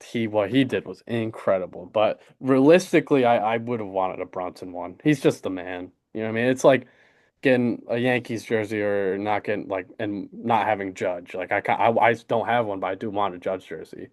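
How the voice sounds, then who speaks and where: A man's voice: lowish voice, moderate pace. A young man, co-hosting a podcast in casual, rambling sports chat full of fillers and restarts. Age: young adult. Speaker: podcast co-host.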